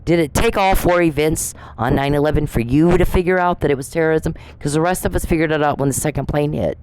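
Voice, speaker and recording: This woman runs her own channel and rants straight at the person she accuses, cursing and repeating the same insults relentlessly. Her voice sits low and fast, smooth with a darkish tone, though the recording quality is poor.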